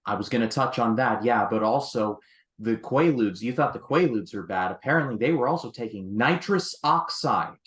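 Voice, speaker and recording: A man's voice: mid-range voice, animated, moderate pace, fairly bright tone. A man co-hosting a casual film discussion, making wry, joking asides. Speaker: film review co-host. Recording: echoey room.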